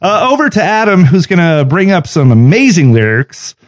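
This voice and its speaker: Animated man in his forties, jokey. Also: high voice, normal speed. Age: 40s. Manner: jokey, animated, runs the segments. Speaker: podcast co-host. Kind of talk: casual comedy chat.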